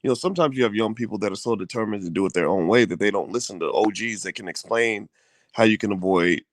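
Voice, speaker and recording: A man in casual conversation, talking in an animated way with frequent restarts and blunt slang. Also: lowish voice, fast talker, no room sound. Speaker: co-host. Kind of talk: casual chat.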